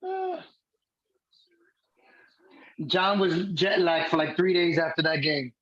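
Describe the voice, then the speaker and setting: A man co-hosting a live baseball watch-along chat. He gets excited and often stumbles and repeats his words. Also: high-pitched, slow pace, lo-fi sound. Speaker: co-host.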